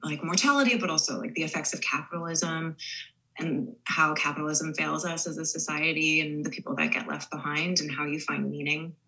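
Bright-voiced woman, chatty and thoughtful. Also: deep voice, a little fast, poor audio. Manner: chatty, thoughtful, many fillers and restarts. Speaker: actress guest. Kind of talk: casual podcast interview.

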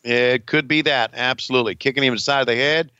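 A man's voice: mid-range voice, fairly even intonation, quick pace, pushed and bright, clean tone, no room sound, muffled recording. A man calling play-by-play over an old wrestling match, crude and rambling, joking with his co-host and cursing often.

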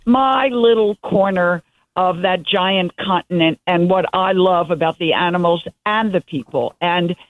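Over a dry, tinny phone line with no echo, an older female guest journalist spins enthusiastic, meandering stories during a casual interview. Her voice sits on the low side and her pace is unhurried.

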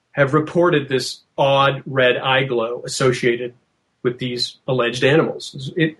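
A middle-aged man recounting an eerie encounter for a podcast, vivid and animated. He acts out the voices of the people in his story. His voice sits at an ordinary middle pitch. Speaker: podcast guest.

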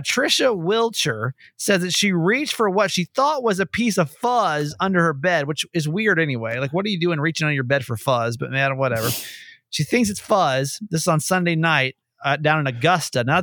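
A young man from Georgia hosting a casual podcast, animated and quick with jokes. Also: a little high, dry recording, clean studio sound. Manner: animated, laughing, quick asides. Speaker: podcast host. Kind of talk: casual chat.

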